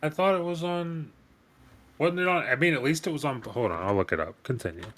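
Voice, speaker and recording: A man's voice: on the high side, expressive, brisk, fairly bright tone. A man co-hosting a casual gaming podcast, ribbing his friends playfully. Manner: playful ribbing, mock accusations. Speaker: podcast co-host.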